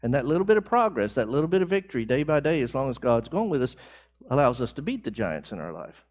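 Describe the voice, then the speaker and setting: Very animated and fast-talking, a man with a medium-pitched, slightly mellow voice leads a church Bible class. He chats with the group, asks them questions and answers back, pressing on key phrases.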